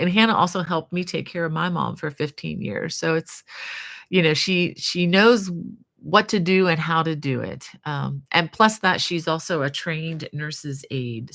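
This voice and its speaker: A woman's voice: low-pitched, vocal fry, a bit bright, dry recording. An older woman hosting a casual live stream, chatting earnestly and reading viewer comments aloud before answering them with blessings. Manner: earnest, devout, fond of blessings and prayers. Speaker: crochet channel host.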